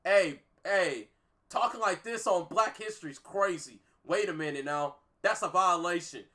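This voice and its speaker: A man in his twenties hosting a reaction video, excitable and quick to repeat himself. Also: sits high. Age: 20s. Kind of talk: casual reaction commentary.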